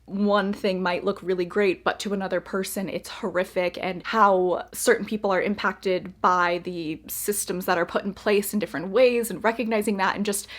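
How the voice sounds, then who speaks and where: A woman's voice: mid-range voice, fairly even intonation, moderate pace, hardly any pauses. Young woman gushing about books on her vlog, says "so so" a lot, super effusive. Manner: gushing, effusive, repeats words for emphasis. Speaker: book vlogger. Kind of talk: casual reading vlog chat.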